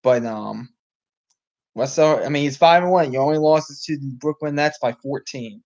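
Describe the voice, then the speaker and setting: The host, a man with a slightly high and a little mellow voice, speaks at a moderate pace, and the audio is dull. Reacting to a live game in casual sports talk, he rambles, restarts, and says um constantly. His voice is getting worn out.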